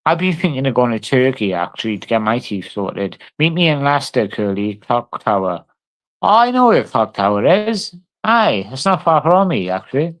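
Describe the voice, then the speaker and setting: A man's voice: medium pitch, big pitch swings, moderate pace. Brash sweary streamer man. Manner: brash, sweary, talks back to chat. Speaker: livestreamer. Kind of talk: casual live-stream chat.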